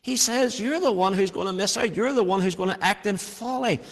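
Male preacher, high voice, earnest storyteller, long hall reverb. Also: fairly quick. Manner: earnest, storytelling, varied emphasis. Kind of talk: sermon with personal story.

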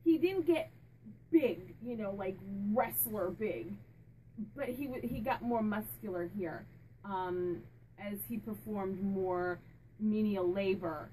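A woman hosting her own channel, chatting casually as she asks a spirit questions out loud and repeats his answers back. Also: mid-range voice, slow, a little hiss or hum, poor audio. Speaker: psychic medium and channel host.

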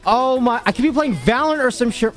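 Over faint music, a young streamer chats casually on his livestream at a quick pace, his voice high and lively, jumping up and down as he rants. He swears freely and sounds exasperated with his chat.

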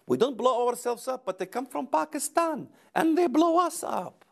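A man's voice: very high voice, very animated, moderate pace, creaky, pitched above the performer's own voice, heavily acted. A man voicing a cheerful, polite young male student from India, using an Indian accent and a sing-song lilt.

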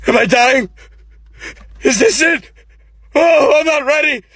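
A man's voice: slow, a bit bright, no echo, heavily acted. A man voicing a dying father who whispers goodbye and then panics in confusion. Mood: panicked. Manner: whispery farewell, then high panicked questions. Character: dying father in bed, bewildered.

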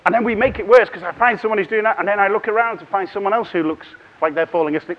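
A man speaking at a conference in a fairly high voice, telling funny stories and slipping in voices for people's thoughts. The sound is dull and lo-fi, as if taped from a hall microphone. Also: racing, hardly any pauses. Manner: humorous storytelling, acts out voices and inner thoughts. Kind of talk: lively conference keynote.

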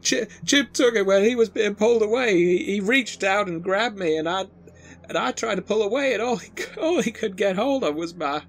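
A man's voice: sits high, moderate pace, voice pushed up. A man voicing a terrified young woman who stammers and sobs through her story. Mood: hysterical. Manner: hysterical, stammering, crying.

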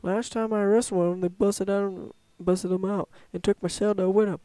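A man voicing a gruff old western sheriff with a slow folksy drawl. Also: high-pitched, flat delivery, mellow, no echo, pitched above the performer's own voice, natural voice.

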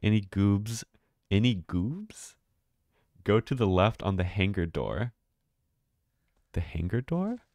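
A man's voice: fairly low pitch, lively intonation, unhurried, pauses often, a little mellow, no echo, clean studio sound. A man streaming a game live, chatting casually and rambling, often swearing and laughing. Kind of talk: casual live gameplay commentary.

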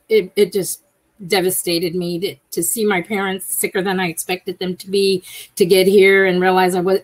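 Community member, woman, mid-pitched, candid and animated, self-mocking, on a video call. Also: poor audio. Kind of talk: emotional personal sharing.

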